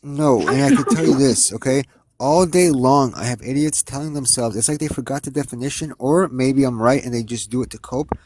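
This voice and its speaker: A man's voice: mid-range voice, a little fast, a little mellow, no echo. A man arguing insistently as a guest in a casual live debate. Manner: insistent, argumentative.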